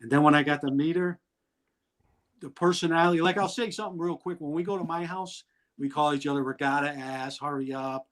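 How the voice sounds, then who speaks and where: A man's voice: on the high side, fairly quick, fairly bright tone, low-quality recording. Blunt, rambling middle-aged man. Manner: rambling, blunt, laughs through his stories. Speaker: guest. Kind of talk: candid storytelling in an interview.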